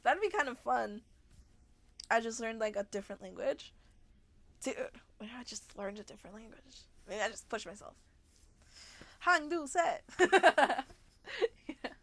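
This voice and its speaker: A woman's voice: fairly high pitch, animated, moderate pace, pauses often. A young woman livestreamer chatting casually with her viewers, bubbly and giggly, often gasping and restarting her sentences.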